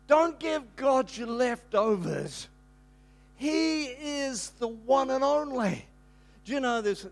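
An older man, a pastor, telling a rambling, animated story in a sermon, breaking into sudden shouts. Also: very high voice.

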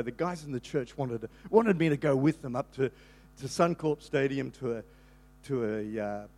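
An older man, a pastor, telling a rambling, animated story in a sermon, breaking into sudden shouts. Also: mid-range voice.

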